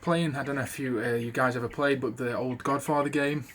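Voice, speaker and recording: A man's voice: mid-range voice, fairly even intonation, brisk, fairly bright tone, a little hiss or hum. Casual male video creator teaching impressions: loose and rambling, full of fillers. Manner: rambling, with many fillers and restarts. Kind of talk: casual spoken tutorial.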